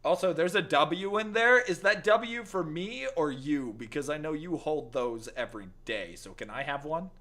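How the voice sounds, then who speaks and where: A man's voice: on the high side, expressive, normal speed, few pauses, a bit bright. A man streaming games, bantering with chat in a joking, teasing way and putting on a playful accent that keeps slipping. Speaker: gaming streamer. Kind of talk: casual live-stream chat.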